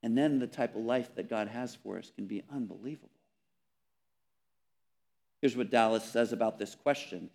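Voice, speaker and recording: A man preaching a sermon, earnest and emphatic, repeating words and dropping softly on key phrases. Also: medium pitch, normal speed, creaky, long pauses. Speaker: pastor.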